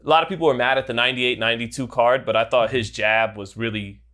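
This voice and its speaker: A man co-hosting a podcast, breaking down fights in a measured, analytical way during casual chat. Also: mid-range voice, fairly even intonation, bright, forceful tone. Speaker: podcast co-host, boxing analyst.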